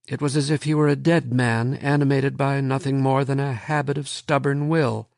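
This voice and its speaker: A man narrating an audiobook in a measured, steady reading. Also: mid-range voice, gravelly, dry recording, clean studio sound.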